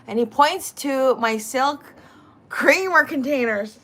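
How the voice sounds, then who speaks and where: A woman hosting a casual cooking livestream, greeting viewers and telling stories in an animated way. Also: high voice, slow. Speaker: livestream host. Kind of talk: casual chat while cooking.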